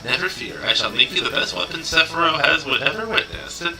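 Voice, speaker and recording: A man voicing a stern adult woman weaponsmith and commander from a video game, speaking in a measured, formal way. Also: a little high, animated, pushed and bright, rough recording. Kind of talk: reading game dialogue aloud on stream.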